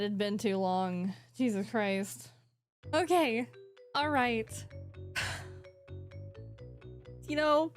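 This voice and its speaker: Giggly high-voiced woman streamer. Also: extremely slow, pauses often, faint music behind. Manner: giggly, breaks into honking laughs. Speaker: VTuber reacting to a clip. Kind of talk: casual reaction commentary.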